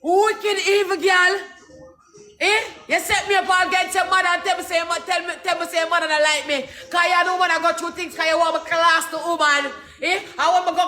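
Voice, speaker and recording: A young Jamaican man in an angry, profane rant, shouting and cursing in rapid patois. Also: very high voice. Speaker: social media personality.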